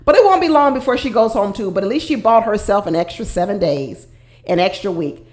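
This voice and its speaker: A woman giving casual, animated commentary on a reality show, speaking straight to her viewers and laughing often. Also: mid-range voice, fairly quick. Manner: talks directly to viewers.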